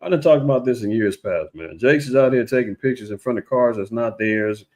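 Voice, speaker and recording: This man's online religious talk is brisk and darkish in tone, casual but preachy and rambling. He keeps restarting his sentences and imitates people mockingly in a higher pitch.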